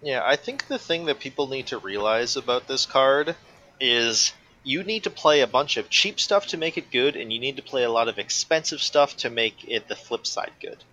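A man co-hosting a relaxed podcast conversation, with a bright, forward tone at a middle pitch. He lays out analytical, opinionated arguments and scatters "like" through his sentences. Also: moderate pace, poor audio. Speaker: podcast co-host. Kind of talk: casual chat about a card game.

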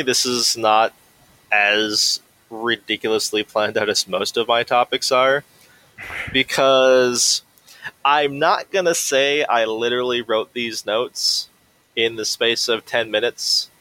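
A man's voice: medium pitch, measured pace, bright, forceful tone, dry recording, poor audio. Dry-joking male podcast co-host. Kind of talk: casual chat.

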